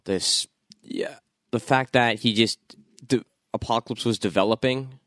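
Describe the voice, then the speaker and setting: A man's voice: mid-range voice, a little slow, a bit bright, no echo, clean studio sound. A man in casual podcast chat about a film, swearing freely and slipping into mocking voices. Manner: profane, mocking impressions of characters. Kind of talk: casual movie-review chat.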